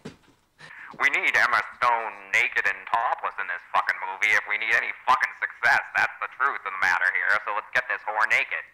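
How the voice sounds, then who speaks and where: A man's voice: on the low side, moderate pace, pushed and bright, poor audio. A man voicing a pushy, profane studio tycoon, put through a telephone effect. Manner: pushy, profane, money-hungry. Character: crude fast-talking male studio tycoon on a phone.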